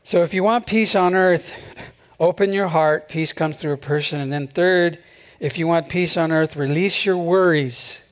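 A male pastor preaching a sermon in a relaxed, conversational way, chuckling often between phrases at a church service. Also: fairly high pitch, normal speed.

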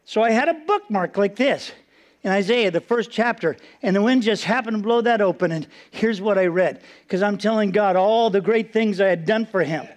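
Speaking at normal speed, a man delivers a sermon built around his personal testimony, told with earnest storytelling. He softens and lowers his voice for the solemn parts.

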